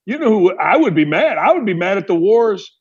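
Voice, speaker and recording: A man's voice: high-pitched, big pitch swings, a little fast, breathy edge, lo-fi sound. A man from Indiana hosting a sports talk show, delivering an emphatic opinion monologue full of rhetorical questions.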